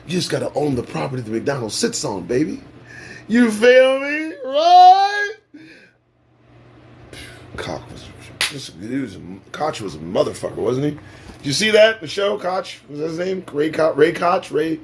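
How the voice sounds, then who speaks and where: Man, livestream host, swinging animated pitch, profane, sarcastic monologue. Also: fairly quick, breathy edge. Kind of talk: casual live-stream monologue.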